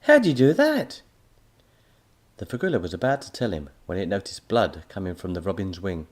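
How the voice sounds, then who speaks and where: A man narrating a children's audiobook in a lively storytelling manner. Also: low-pitched, fast talker.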